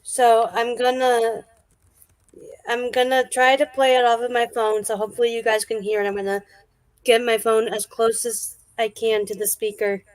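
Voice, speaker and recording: A woman's voice: a little high, level tone, normal speed, no echo. A woman co-hosting a radio show, chatting playfully and laughing easily with the host. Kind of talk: casual on-air banter.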